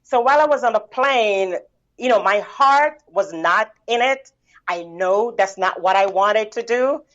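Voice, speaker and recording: A woman's voice: medium pitch, a little slow. Caribbean woman telling her story, lo-fi. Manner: animated storyteller, frequent "you know" and laughs. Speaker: guest, bookkeeping business owner. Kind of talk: casual interview storytelling.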